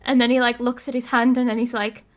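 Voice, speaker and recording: Woman, podcast host, higher pitch, animated, casual storytelling. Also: fast talker. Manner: animated storytelling, laughs often. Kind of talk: casual chat, retelling a game.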